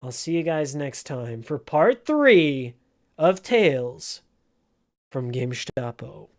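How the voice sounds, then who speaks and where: With a medium-pitched, sing-song voice, a former game store clerk earnestly recalls an emotional story from work. His casual vlog retelling is slow and heartfelt.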